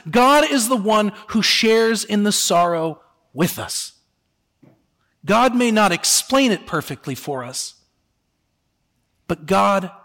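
A male pastor delivers a sermon in a high, expressive voice. He drops soft and slow on solemn words and rises on rhetorical questions to the congregation. His voice carries a long reverb through the church sanctuary.

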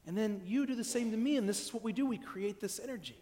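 Guy preaching a sermon, pretty high voice, chatty, big reverb from the church. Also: fast talker, warm tone. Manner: conversational, acts out quoted dialogue. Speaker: pastor. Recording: echoey church hall.

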